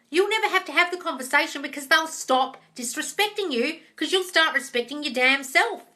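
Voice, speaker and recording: On a live stream captured by phone or webcam, a woman hosts a manifesting Q&A with blunt, casual, sweary advice, calling people darling and guys. Her voice is high and bright with a forceful tone.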